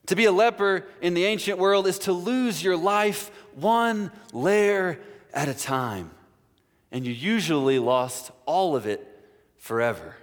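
A male pastor with a somewhat high voice delivers a sermon in a church. His words trail off into a long reverb. He keeps it conversational and slips in playful asides. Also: expressive, unhurried. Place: church sanctuary.

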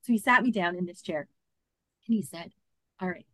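Woman, 50s, interview guest; animated storyteller who performs the quotes, medium pitch, dry close mic. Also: fairly quick, breathy edge, no echo. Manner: animated, acts out quoted dialogue. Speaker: podcast guest.

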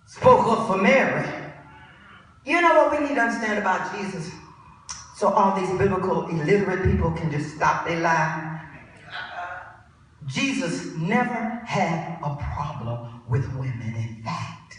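A woman preacher delivering a sermon with impassioned delivery, dropping to a hush and rising to shouts, in a large church. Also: on the low side, sing-song, a little slow. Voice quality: impassioned, swings from hushed to shouted. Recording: echoey church hall from far off.

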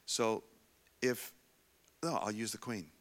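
A man preaching a sermon, telling a Bible story in a casual, animated way with frequent restarts. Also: fairly low pitch, slow. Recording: long hall reverb.

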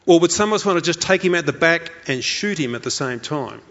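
A man preaches, his slightly high voice rising and falling with animated swings. He drives each point home by repeating key lines. The recording sounds dull and lo-fi. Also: a little fast. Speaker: pastor. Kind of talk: sermon.

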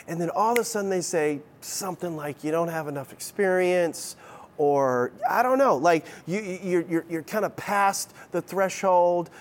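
A man's voice: sits high, moderate pace, few pauses. A middle-aged man preaching a sermon as pastor, conversational and playful, with frequent restarts.

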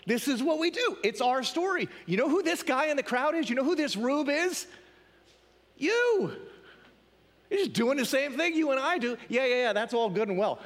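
A man's voice: very high-pitched, expressive, moderate pace, fairly bright tone, big-room sound. A male pastor preaching a sermon in a conversational style, often asking the congregation questions.

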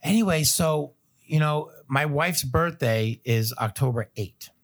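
A man's voice: on the high side, measured pace. Chatty man telling a story, chuckling. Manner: animated storyteller, chuckling between phrases; loose filler-heavy phrasing. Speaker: podcast guest. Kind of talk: casual storytelling chat.

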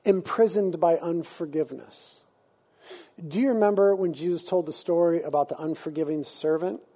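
A male pastor with a high-pitched voice and a husky, breathy edge, preaching in a lively, casual manner. His tone is mellow and dark rather than bright. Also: fast. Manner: animated, conversational preaching with casual slang. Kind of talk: sermon.

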